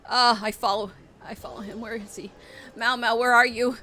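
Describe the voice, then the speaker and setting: A woman's voice: fairly high pitch, steady tone, normal speed, pushed and bright. A young woman streamer chatting casually on a live stream, rambling with lots of fillers. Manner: rambling, full of fillers and restarts. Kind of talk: casual livestream chat.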